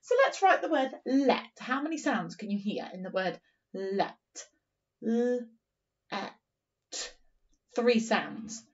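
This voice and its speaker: A woman teacher leads young children through a phonics lesson, sounding out each word slowly and praising them as she goes. Her voice sits a little high. The recording is dull and picked up from some distance away. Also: lively intonation. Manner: encouraging, slow and sing-song, sounding out words. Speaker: primary teacher.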